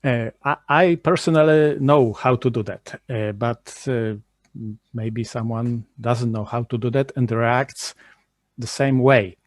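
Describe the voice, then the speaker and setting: A man interviewing a guest, asking questions in a hesitant, halting way with many fillers. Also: medium pitch, dry recording, clean studio sound.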